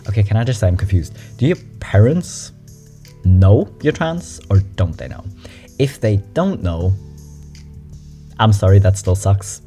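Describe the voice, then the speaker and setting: A low-pitched, mellow young adult nonbinary speaker chats through memes with a lively, bouncing delivery. The talk is frank and casual, with easy swearing, over faint background music. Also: unhurried, long pauses. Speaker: meme reaction host. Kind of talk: casual meme commentary.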